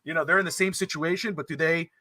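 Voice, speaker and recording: A man's voice: a little high, steady tone, fast talker, sharp tone, dry recording. A man hosting a casual sports talk show, chatty and emphatic, on a close mic. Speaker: podcast host.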